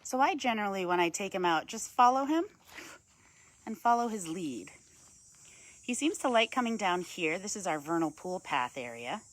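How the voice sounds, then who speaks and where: Speaking into a handheld phone on a woodland path, a woman wildlife educator gives an outdoor live-streamed talk. She explains things calmly to viewers and coos softly to the bird in between, her voice medium in pitch and her pace moderate.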